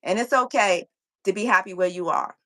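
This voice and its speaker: A woman who runs a fitness business, a guest telling a story, preaching a lesson and repeating her key phrases with lively energy. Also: mid-range voice, brisk, low-quality recording. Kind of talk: motivational storytelling chat.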